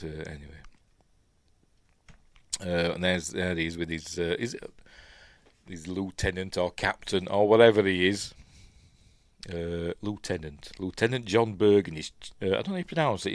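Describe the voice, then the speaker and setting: A man's voice: low-pitched, no room sound. A man with a Yorkshire accent chatting casually as a film reviewer, talking over the movie as it plays and rambling with many ums and asides. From Yorkshire, England.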